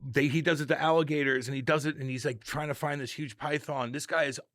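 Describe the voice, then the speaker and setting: A man's voice: on the high side, steady tone, quick pace, a bit bright, dry recording, studio quality. A man co-hosting a podcast, joking bluntly and swearing freely in casual banter. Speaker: podcast co-host. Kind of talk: casual chat.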